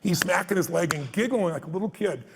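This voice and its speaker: A man's voice: sits high, fast talker, vocal fry, noisy background. A man speaking to a live audience in a large hall, telling stories and driving home his points in an emphatic, blunt way. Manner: emphatic and blunt, swears for force, acts out anecdotes. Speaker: speaker and guest on a live stage tour. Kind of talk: motivational storytelling to a live audience. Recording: long hall reverb at a live event.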